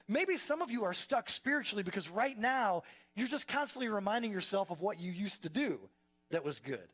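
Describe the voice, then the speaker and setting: A male pastor with a high voice gives a conversational sermon to a live church congregation. He tells stories with energy and often restarts his sentences as he goes. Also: big pitch swings, normal speed, fairly bright tone.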